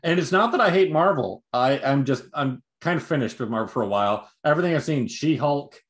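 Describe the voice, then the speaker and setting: A man's voice: fairly high pitch, animated, a little fast. Blunt, profane man ranting on a podcast. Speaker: podcast host. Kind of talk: casual podcast chat.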